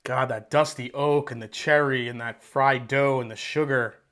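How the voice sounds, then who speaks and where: A man's voice: medium pitch, fairly even intonation, moderate pace, fairly bright tone. A man hosting a casual whiskey tasting livestream from home on a wireless mic, talking loosely, rambling and swearing now and then. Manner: loose, chatty, rambling, swears and laughs easily. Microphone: wireless microphone with battery pack.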